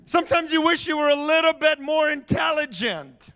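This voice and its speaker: A man preaching a sermon as pastor, telling stories in a lively way, laughing and acting out what people said. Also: very high voice, moderate pace, soft background music. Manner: animated storytelling with laughter and acted-out voices. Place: church sanctuary.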